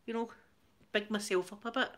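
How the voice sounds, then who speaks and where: A woman's voice: medium pitch, steady tone, fairly quick, fairly bright tone. A Scottish woman hosting her channel, telling a rambling story in casual chat, laughing often and repeating words as she goes. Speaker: channel host.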